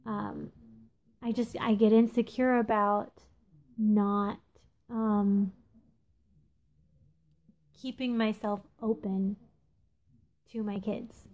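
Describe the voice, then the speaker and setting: A woman in her thirties with a candid, confessional way of talking, reflecting aloud in a casual monologue and pausing often with ums. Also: mid-range voice, level tone, a little mellow. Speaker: podcast host. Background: phone texting interruptions.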